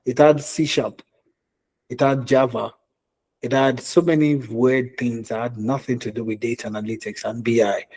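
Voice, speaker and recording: Nigerian guy coaching job seekers, dark husky voice, keeps asking okay?. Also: medium pitch. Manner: conversational, repeats points, asks "okay?" often. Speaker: career coach. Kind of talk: live online coaching session.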